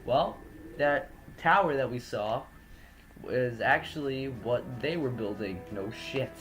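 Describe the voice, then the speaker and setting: A man's voice: mid-range voice, takes it slowly. New york guy doing casual let's play commentary, rambly, swears a bit, game music faint behind. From New York, United States.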